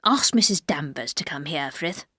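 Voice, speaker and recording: A woman voicing a sneering, spiteful middle-aged man with a lowered voice in an audiobook read. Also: expressive, normal speed, sharp tone, breathy edge, dry recording, clean studio sound, heavily acted.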